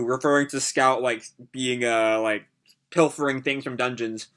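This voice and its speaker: A man's voice: mid-range voice, little pitch movement, a little slow, fairly bright tone. A man giving a casual, rambling anime review, full of swearing and "like" and "um". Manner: rambling, profane, lots of likes and ums.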